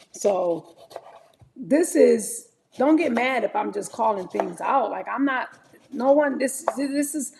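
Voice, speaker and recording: Forties woman, livestream host, fry in the voice, candid talk to viewers while prepping fruit. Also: on the high side, background noise. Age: 40s. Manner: chatty and candid, often calls viewers "y'all". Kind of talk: casual livestream chat while preparing fruit.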